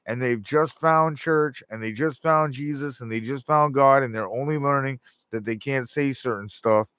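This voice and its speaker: A man's voice: mid-range voice, a bit bright, no room sound, clean studio sound. A man delivering a rambling, profane monologue, often acting out quoted voices. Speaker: show host.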